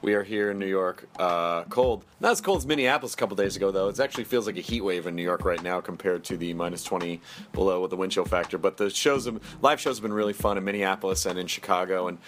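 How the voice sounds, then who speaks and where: A man's voice: deep voice, faint music behind. A man hosting a podcast, chatting casually and jokily and reading ads with silly bursts. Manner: jokey, animated, quick bursts of silliness. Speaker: podcast host. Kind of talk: casual podcast chat and ad reads.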